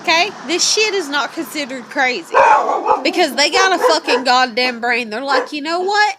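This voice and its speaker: A woman's voice: high voice, animated, normal speed. A woman rambling casually as a vlogger, swearing constantly and laughing as she talks. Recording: noisy background.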